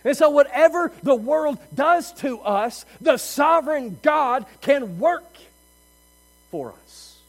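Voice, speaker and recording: A man preaching a sermon as pastor, moving between loud, emphatic passages and quiet, intimate asides. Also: very high-pitched, expressive, slow pace, in a large hall, rough recording. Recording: faint mains hum.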